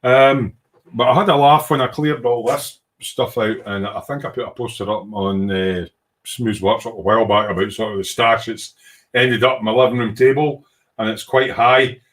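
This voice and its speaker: A man's voice: medium pitch, fairly even intonation, normal speed, a bit bright. A man hosting a casual livestream about model making. He reads out viewer comments, rambles in a self-deprecating way, uses informal British slang and hums to himself while he clicks around. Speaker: livestream host and hobby model maker.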